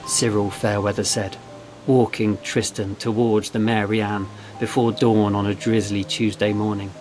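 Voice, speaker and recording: A man narrating a story in a steady, measured reading voice. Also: on the low side. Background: faint guitar music.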